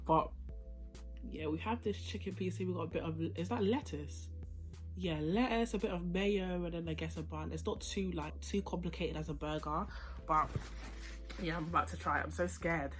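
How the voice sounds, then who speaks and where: Soft music plays behind a young British vlogger whose lowish voice moves at a normal speed. She eats while casually reviewing food and a film, sounding chatty, excitable and slangy.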